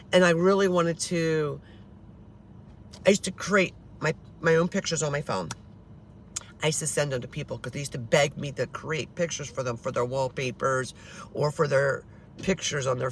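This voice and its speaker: A paranormal vlogger in her fifties, her voice sitting low, addresses her audience in a meandering, casual talk to camera. Frustration comes through in her swearing and repeated false starts, and there's a faint hiss or hum underneath.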